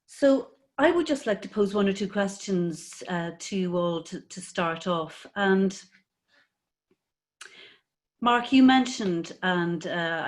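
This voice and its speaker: A woman moderating a webinar over a video call, measured, with fillers. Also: lowish voice.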